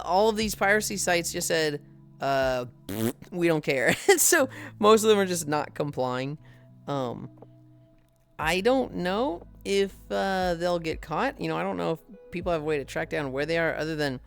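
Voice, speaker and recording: A woman streamer chatting casually with viewers, swearing freely and laughing often. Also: on the low side.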